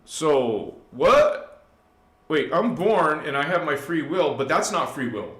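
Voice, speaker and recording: A man hosting a live spiritual talk, preaching emphatically to his listeners and swinging from hushed to loud. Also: a little high, expressive, measured pace, echoey room. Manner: preachy, addresses listeners directly. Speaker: spiritual channel host.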